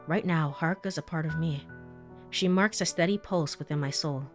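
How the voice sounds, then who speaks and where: Brief: woman voicing soft-spoken young man, measured game-text reading, low-ish voice. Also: music in the background, natural voice. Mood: tender. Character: young man narrating his own story, gentle.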